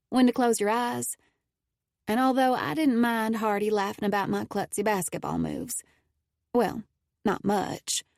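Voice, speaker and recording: A woman narrating a first-person audiobook in a steady, intimate storytelling manner. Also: on the high side, gravelly, no echo, clean studio sound.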